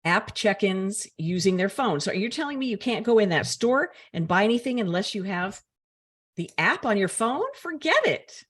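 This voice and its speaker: A woman's voice: medium pitch, lively intonation, moderate pace. An older woman co-hosting a casual talk show, emphatic and opinionated. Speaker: co-host. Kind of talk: casual chat.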